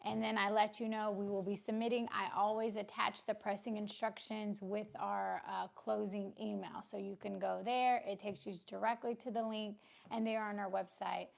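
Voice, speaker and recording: A woman, casually co-hosting a business livestream, brisk and teasing, with a sore throat. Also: medium pitch, flat delivery, vocal fry.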